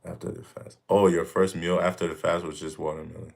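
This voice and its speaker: A man's voice: low-pitched, flat delivery, fairly quick, creaky, darkish tone. A man in his thirties hosting a casual livestream Q&A, talking emphatically and repeating himself, breaking into jokes. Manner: emphatic, repetitive, joking, with bursts of mock voices. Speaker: fitness streamer answering viewer questions.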